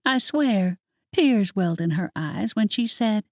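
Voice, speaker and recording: A woman narrating an audiobook in an expressive storytelling manner, close to the mic. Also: medium pitch, slow pace, no echo, muffled recording. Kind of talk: scripted narration.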